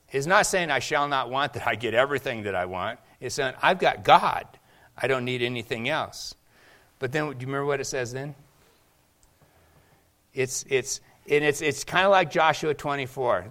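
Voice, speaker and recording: Pastor guy giving a sermon, mid-pitched voice, throws questions at the congregation, slows way down on bible verses. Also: animated, a bit bright. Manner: asks the congregation questions and pauses for answers; slows down to read scripture.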